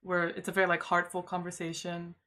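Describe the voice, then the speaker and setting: Woman on a live stream, rambly, says like a lot, bright voice. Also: on the low side, monotone, brisk. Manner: chatty, filler-heavy, uses "like" constantly. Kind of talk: casual storytelling on a live stream.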